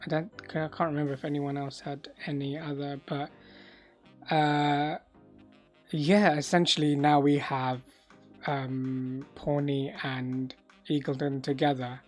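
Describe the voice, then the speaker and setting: A woman with a low voice chats about a TV show as host of a reaction video. Her talk is loose and hesitant, full of fillers, with faint music behind her. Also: flat delivery, a little slow, a little mellow. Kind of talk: casual chat.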